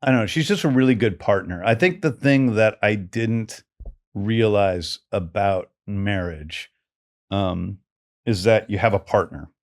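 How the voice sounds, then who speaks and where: A man's voice: fairly low pitch, unhurried. Middle-aged man telling a story, casual. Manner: animated, self-deprecating storyteller with many restarts. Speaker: guest filmmaker.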